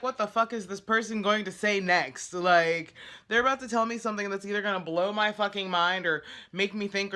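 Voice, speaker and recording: A woman vlogger telling stories about her week, chatty and exasperated, her voice a little worn from singing karaoke the night before. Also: mid-range voice. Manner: chatty, animated, exasperated retelling. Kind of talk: casual storytelling vlog.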